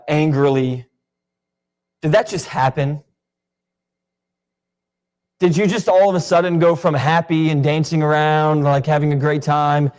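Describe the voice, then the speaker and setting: A man's voice: a little high, darkish tone. Conversational man teaching a Bible class. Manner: conversational, asks the class many questions.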